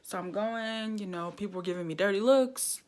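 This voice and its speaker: A young woman vlogger telling a lively personal story, laughing often and acting out what people said. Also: medium pitch, normal speed. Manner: animated storytelling, laughs often, acts out quoted dialogue. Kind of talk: casual storytime vlog.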